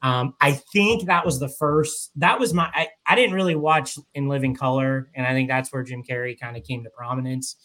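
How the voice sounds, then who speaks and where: A man's voice: medium pitch, moderate pace, hardly any pauses, bright, forceful tone, rough recording. Chatty male panelist who trips over his words and restarts his sentences. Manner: rambling, self-correcting. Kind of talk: casual podcast chat.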